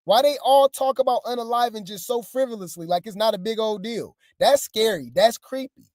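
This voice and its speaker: A woman's voice: on the high side, a little fast, a little mellow, dry recording, studio quality. A woman hosting a celebrity gossip channel, chatting wryly and straight to her viewers. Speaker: gossip news commentator. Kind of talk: casual gossip commentary.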